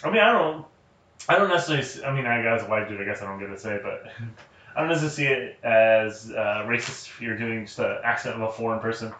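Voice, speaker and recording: A man's voice: fairly low pitch, fast, fairly bright tone. A man co-hosting a casual movie podcast, blunt and profane, laughing a lot. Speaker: podcast co-host. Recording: roomy and distant.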